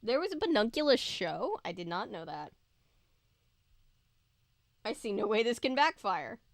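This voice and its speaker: A woman's voice: on the high side, sing-song, a little slow, no room sound, studio quality. Chatty woman reading a spooky kids' book. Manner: casual, chatty remarks to viewers between passages. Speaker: book reader and video host. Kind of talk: reading a children's book aloud, with chatty asides.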